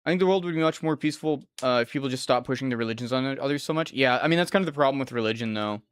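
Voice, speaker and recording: A man's voice: mid-range voice, racing, smooth, no room sound. A young man who speaks English natively, casually talking over a fighting game as a streamer, rambling and swearing freely. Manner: profane, rambling, chatty. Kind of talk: casual gameplay commentary.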